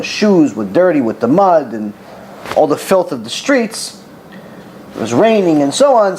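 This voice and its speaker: Middle-aged male rabbi, lively storytelling class delivery, high pitch with a wide range. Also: slight background noise. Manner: animated storyteller, acts out dialogue, repeats for emphasis.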